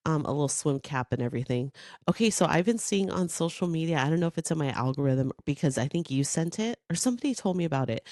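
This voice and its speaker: Raspy hoarse lady in her 30s podcasting, low voice that swoops all over, dry close sound. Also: no room sound. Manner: animated, chatty, quick to laugh. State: hoarse from coughing. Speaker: podcast co-host. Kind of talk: casual chat.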